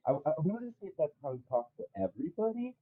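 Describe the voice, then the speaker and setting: A man calling into a live show, speaking haltingly and repeating words as he starts sentences. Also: on the high side, big pitch swings, husky. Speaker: caller. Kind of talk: call-in chat. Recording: tinny phone-like call audio.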